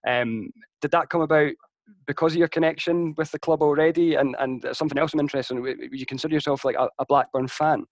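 A man hosting a casual sports interview, asking questions in a relaxed, conversational way with frequent fillers. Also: fairly high pitch, fast, dry recording. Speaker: interviewer, host.

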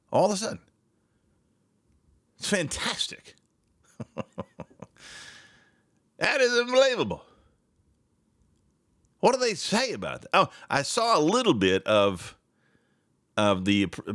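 A man hosting a political talk show, talking in a sarcastic, animated and mocking way. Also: lowish voice, dry recording, clean studio sound.

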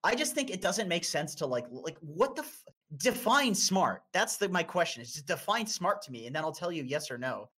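Animated, swearing young man from North America. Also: normal speed, husky. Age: 20s. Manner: animated, profane storyteller with sudden high-pitched outbursts. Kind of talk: casual chat.

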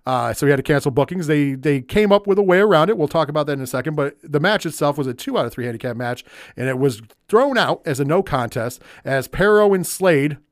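Excitable wrestling podcast host, dry mic. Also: male voice, fairly high pitch, fast talker, dry recording. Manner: enthusiastic, profane, rambling with fillers. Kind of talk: casual wrestling recap chat.

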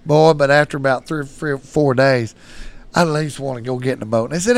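A middle-aged man, telling profane, animated stories on a casual podcast and getting loud when quoting people. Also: mid-range voice, a little fast, creaky. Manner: profane, animated, swings loud for quoted lines. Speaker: storyteller guest.

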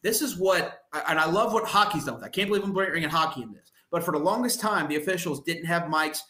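A man co-hosts a casual sports podcast and rants with real exasperation, tripping over his own restarts. His voice is fairly high and bright. An echoey room rings around him. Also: quick pace. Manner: heated, exasperated ranting with many restarts.

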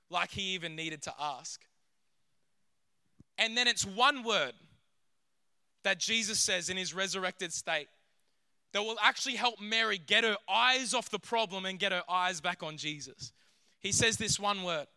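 A man preaching a sermon in an animated way, sometimes acting out voices from the story. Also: high-pitched, normal speed, no echo. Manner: animated, acts out scenes in character voices.

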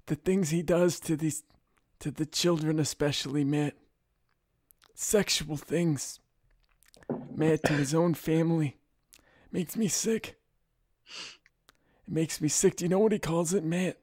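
A man doing an impression of a menacing older army colonel, talking slowly and mumbling, repeating the listener's name. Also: a little high, darkish tone, no room sound, studio quality. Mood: brooding deadpan. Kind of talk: comedic impression on a podcast.

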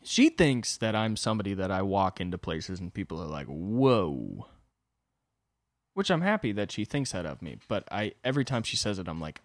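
A man's voice: on the low side, brisk, dry recording, clean studio sound. A young man hosting a solo podcast, rambling through a self-deprecating comedic monologue and acting out the voices of the people in his stories. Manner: self-deprecating, animated, acts out quoted voices. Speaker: podcast host.

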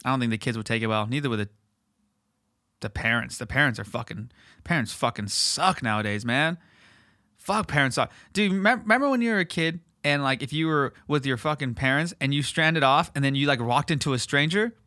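A man hosting a podcast in casual, rambling chat, swearing heavily and animated. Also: medium pitch, fairly quick, no echo, clean studio sound. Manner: profane, rambling, animated, filler words. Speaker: podcast host.

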